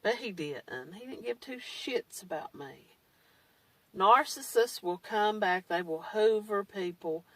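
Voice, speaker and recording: A woman's voice: mid-range voice, lively intonation, slow, a bit bright, dry recording, distant mic, poor audio. A woman talking in a blunt, candid way, with mild swearing, in a casual monologue. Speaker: survivor vlogger. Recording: dry, set back from the mic.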